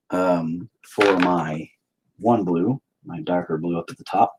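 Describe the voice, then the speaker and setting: A man's voice: low-pitched, measured pace, slight background noise, poor audio. A man chatting casually and crudely while he paints, rambling and joking with lots of swearing. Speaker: painter streaming his work.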